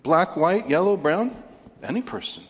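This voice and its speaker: A man preaching a sermon, emphatic and animated, leaping up in pitch to stress his points. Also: unhurried. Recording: long hall reverb.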